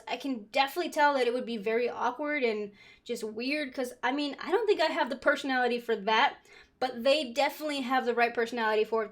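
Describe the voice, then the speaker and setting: A woman hosting a reaction video, chatting casually about a comedy show. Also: a little high. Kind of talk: casual commentary.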